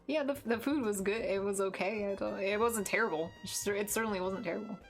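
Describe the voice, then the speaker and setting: A woman's voice: medium pitch, fast, faint music behind. A young American woman streaming, chatting casually while she draws, rambling with lots of fillers and restarts. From United States. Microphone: desk mic with headphones.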